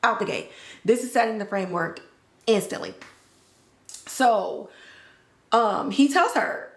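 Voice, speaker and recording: A woman's voice: mid-range voice, animated, measured pace, long pauses. A woman hosting a podcast, recapping a TV episode in casual slangy chat and acting out the characters' lines. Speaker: podcast host. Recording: roomy echo.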